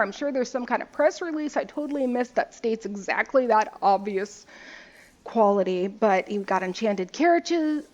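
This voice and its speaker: A woman's voice: on the high side, highs cut off. A young woman casually commenting as she opens card packs, reading card text aloud and joking about the artwork. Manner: chatty and playful, reads card text aloud and jokes about the art. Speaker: gaming video host.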